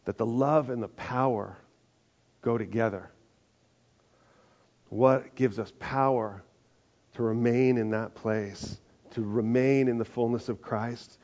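A man preaching a sermon in a conversational way, slowing down for emphasis and adding lively asides. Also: medium pitch. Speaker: pastor. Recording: muffled live sermon audio.

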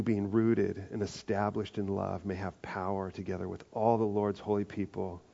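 Male pastor, sermon, gravelly voice, fairly low pitch, conversational preaching, muffled recording. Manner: conversational preaching, slows for emphasis, lively asides. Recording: muffled live sermon audio.

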